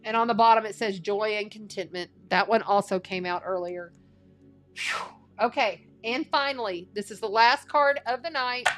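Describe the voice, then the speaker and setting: A woman's voice: medium pitch, moderate pace, fairly bright tone, faint music behind. A woman giving a casual spiritual tarot and astrology reading, chatty and folksy, repeating phrases for emphasis.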